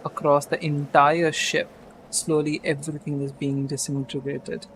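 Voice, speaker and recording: Male game master, casual and rambling, slightly high voice, faint background hiss. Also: little pitch movement, a little slow, fairly bright tone, poor audio. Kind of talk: narrating a tabletop game.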